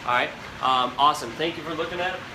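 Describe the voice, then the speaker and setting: A young man chats his way through a live cooking stream, rambling and talking right to the viewers in a voice a little higher than most men's. He is recorded in an echoey home kitchen, with a fan humming clearly behind him. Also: fast talker. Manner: chatty, rambling, talks straight to viewers. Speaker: host of a live cooking show. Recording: echoey kitchen with background noise. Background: fan noise.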